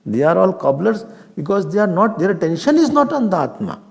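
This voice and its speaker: A man, a swami, giving a humorous, animated Vedanta class, mixing Hindi into his English and chanting Sanskrit verses. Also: sits high, fairly quick, vocal fry. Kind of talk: scripture class lecture. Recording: reverberant hall.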